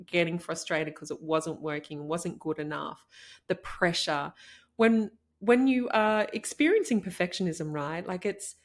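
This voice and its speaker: A middle-aged woman hosting a motivational solo podcast, talking in an effusive, animated way with many "like"s and "oh my gosh"es. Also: lowish voice. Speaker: podcast host and coach.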